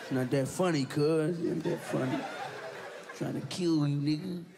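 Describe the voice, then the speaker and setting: A man performing a stand-up comedy routine, animated and shouty, jumping into high squeals, on stage before a live audience. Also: normal speed, vocal fry, a crowd in the background. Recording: live show with audience noise.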